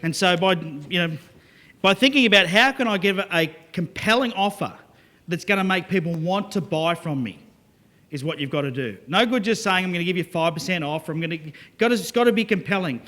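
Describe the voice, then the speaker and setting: A man giving a lively, joking sales talk to a live audience. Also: high voice. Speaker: business speaker.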